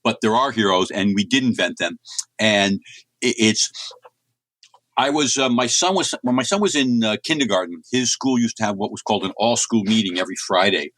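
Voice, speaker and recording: A man's voice: lowish voice, fairly quick, a bit bright, no echo. A middle-aged man from the United States, a comics writer telling rambling anecdotes as an interview guest. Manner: chatty, rambling anecdotes with many restarts. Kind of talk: casual storytelling in an interview.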